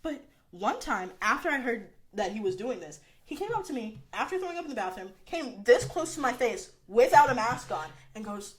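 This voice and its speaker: A woman's voice: fairly high pitch, fairly quick, few pauses. Young woman podcast host, chatty, rambly, acts out what people said, lots of likes. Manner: animated storytelling with frequent fillers and quoted asides. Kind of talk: casual chat.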